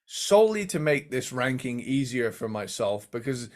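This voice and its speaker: A man co-hosting a casual music ranking talk show, laid-back and quick to laugh, with lots of filler words. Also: mid-range voice, big pitch swings. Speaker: podcast co-host.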